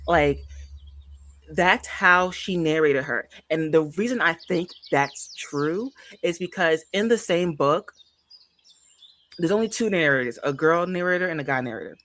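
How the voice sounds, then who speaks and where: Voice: medium pitch, unhurried. A book streamer chatting casually on a livestream, emphatic and repeating phrases for effect while talking straight to viewers. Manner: chatty and animated, addresses viewers directly.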